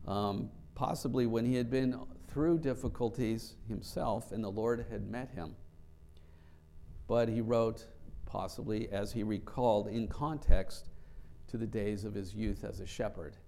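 Male preacher, low gravelly voice with a dark, mellow tone, earnest and a little halting. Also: fairly even intonation, a little hiss or hum. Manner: earnest, repeats words, slow deliberate scripture reading. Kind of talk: Bible study sermon.

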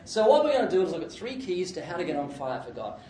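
A male preacher delivers a sermon, full of jokes and his own laughter, sometimes rising into loud bursts. He is heard from some distance, and his voice rings around a large church hall. A faint hiss sits under the whole recording. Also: sits high, very animated, fast talker. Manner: jokey, laughs often, sudden loud outbursts. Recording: echoey hall, distant mic, faint noise.

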